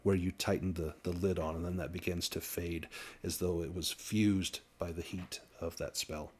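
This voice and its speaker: A man running a tabletop horror game as game master, narrating scenes in a measured, descriptive way with frequent restarts. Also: sits low, steady tone, a little mellow, husky.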